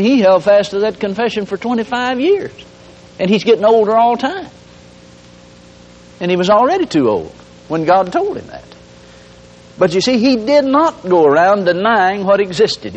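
A man preaching a folksy, humorous sermon, repeating his points and acting out everyday examples, on a dull lo-fi recording. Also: on the high side. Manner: folksy and humorous, with lots of repetition.

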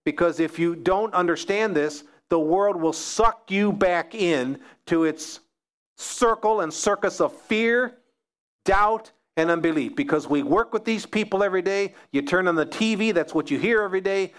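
A man's voice: high voice, normal speed, a bit bright. A man preaching a sermon as pastor, building emphasis through repeated phrases.

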